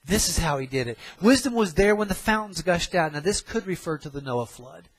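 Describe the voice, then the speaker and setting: A middle-aged man delivers a sermon in an emphatic way, hammering points home by repeating them. His voice sits a little high for a man. The sound is dry and close, with no room echo. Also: expressive, brisk. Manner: emphatic, repeats phrases for stress. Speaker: preacher.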